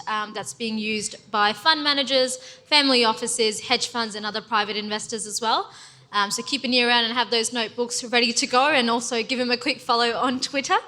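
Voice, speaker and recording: A woman's voice: fairly high pitch, bright, forceful tone. A woman hosting an event and introducing the next speaker, upbeat, with frequent ums. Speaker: event host. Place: conference stage.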